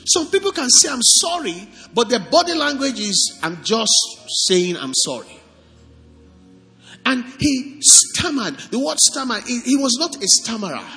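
A man preaching a sermon as pastor, animated and asking the congregation questions. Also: very high voice, normal speed, hardly any pauses, long reverb tail, faint music behind.

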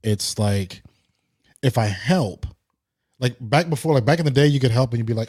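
A man's voice: medium pitch, animated, normal speed, long pauses, darkish tone. A man in a casual group chat, explaining his point in a reflective way.

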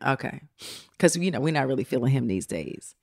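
A woman's voice: extremely low pitch, lively intonation, brisk, vocal fry, a little mellow. A woman co-hosting a casual gossip chat, sassy and playful. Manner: playful, sassy, quotes people in mock voices. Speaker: co-host.

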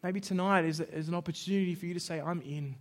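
Fast-talking and high-voiced, the male pastor tells stories in his sermon. He acts out the conversations in an animated way, shouting parts of them.

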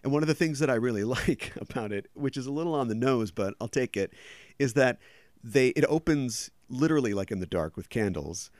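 A man's voice: mid-range voice, expressive, fairly quick, a little mellow, no room sound, clean studio sound. A man hosting a casual podcast chat, talking at length and explaining background details. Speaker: podcast host.

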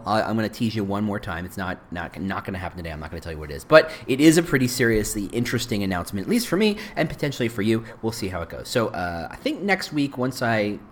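A middle-aged man hosting a casual solo podcast, talking in a rambling, chatty way and often correcting himself mid-sentence. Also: lowish voice. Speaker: podcast host.

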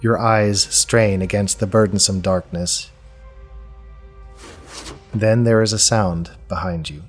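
Male game master narrating in the second person, low and breathy, faint music under him. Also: fairly even intonation. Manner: slow, immersive storytelling.

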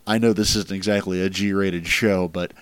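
Male host, casual rambling chat, deep voice, dry sound. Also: steady tone, normal speed, clean tone, dry recording. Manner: rambling, filler-heavy, laughs at crude jokes. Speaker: podcast host ranking wrestling matches.

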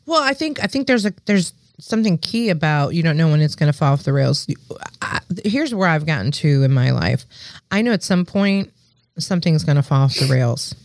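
A woman's voice: low-pitched, lively intonation, a little fast, no room sound, studio quality. A woman co-hosting a podcast in casual chat, earnest and often restarting her sentences. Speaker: podcast co-host.

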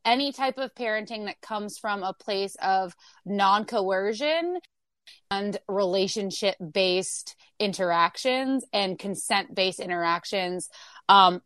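A woman's voice: medium pitch, a bit bright, no room sound, clean studio sound. A woman guest in a casual interview, explaining her parenting views thoughtfully with everyday examples. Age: adult parent.

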